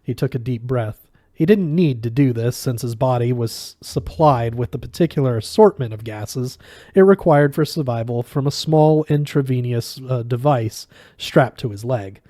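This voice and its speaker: A man reading a novel aloud with measured, expressive narration. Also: mid-range voice, no echo, clean studio sound. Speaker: reader.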